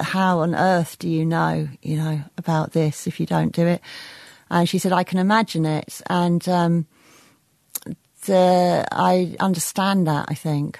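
A woman's voice: lowish voice, gravelly, darkish tone, no echo. A woman novelist talking as a guest on a radio show, thoughtful and hesitant, with many fillers. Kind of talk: radio interview chat.

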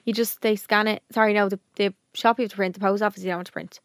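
A young woman rattles through casual podcast chat at a brisk clip. She also reads the sponsor lines in the same quick, lively way. Her voice sits close and dry in a small studio. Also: mid-range voice, dry recording. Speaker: podcast co-host.

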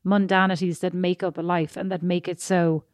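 A woman, co-hosting a podcast and telling rambling, expressive stories in casual chat. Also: on the low side, moderate pace, no echo, clean studio sound. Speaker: podcast co-host.

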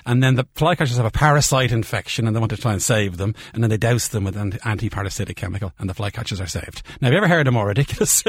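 A man talks at a brisk clip with a lowish, husky voice, eagerly repeating himself as he chats. The sound is close and dry. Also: lively intonation, no echo. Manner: enthusiastic, repeats words, laughs often. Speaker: scientist guest. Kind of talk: casual radio-style chat.

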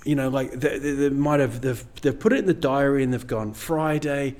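Middle-aged male comedian, casual guest chat, meandering, full of "you know", mid-pitched voice. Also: fairly quick, a little mellow. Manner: rambling, self-deprecating, many "you know"s.

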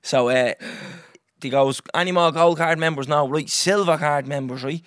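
A young Irish man hosting a podcast, telling a story in a lively, swearing, casual way and acting out what others said. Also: fairly high pitch, normal speed, dry recording, clean studio sound. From Ireland. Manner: animated, swears freely, acts out others' lines. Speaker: podcast host.

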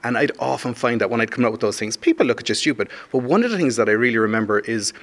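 Fast-talking man with a Cork accent. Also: medium pitch, expressive. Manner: brisk, talkative, casual. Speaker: chief executive. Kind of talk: casual interview.

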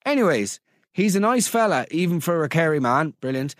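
A man hosting a comedy podcast, reading out listener stories with incredulous, animated energy. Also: a little high, brisk, no room sound, clean studio sound. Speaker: podcast host.

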